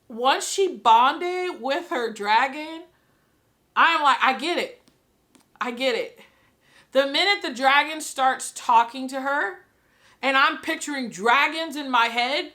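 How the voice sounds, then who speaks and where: Woman, book vlogger, casual reaction vlog, excitable, rambling, high bright voice. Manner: excitable and gushing, laughs often; rambling, repeats herself. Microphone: camera she films herself with.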